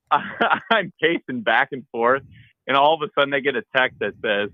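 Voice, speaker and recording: Man, podcast co-host, casual animated storyteller, dry and slightly dull audio. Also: mid-range voice, moderate pace, no room sound. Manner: animated storyteller, acts out his own shouts and texts.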